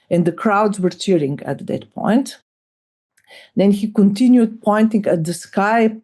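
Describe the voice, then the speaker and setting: A middle-aged woman with a Slovenian accent gives an academic lecture, speaking in a measured way with frequent fillers and restarts. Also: mid-range voice, dark tone.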